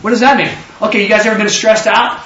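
A high-pitched man with a bright, ringing tone delivers an animated sermon. He calls questions out to the congregation and acts out quotes. The sound is dull, echoey and distant, as if recorded from the back of a hall. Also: quick pace, a little hiss or hum. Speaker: preacher.

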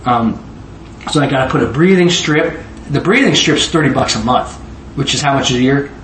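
A man in his forties preaching a sermon in a conversational, animated way, often asking his listeners questions. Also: medium pitch, moderate pace, a little hiss or hum. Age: 40s. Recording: roomy echo, voice from far off.

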